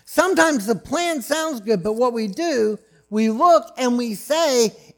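A man preaching a sermon, swinging from loud, emphatic lines to hushed, low asides. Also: lively intonation, slow pace, hardly any pauses.

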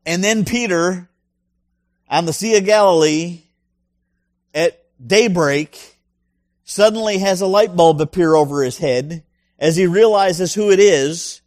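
A man's voice: high-pitched, a little slow, pauses often, darkish tone, no echo, studio quality. A male pastor preaching a sermon in an emphatic way, full of rhetorical questions and punchy asides.

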